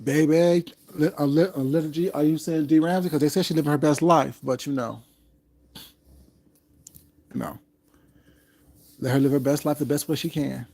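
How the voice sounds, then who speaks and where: A man's voice: on the high side, steady tone, moderate pace, creaky, pauses often, warm tone. Man, sassy livestream commentator, drawls, calls everyone baby.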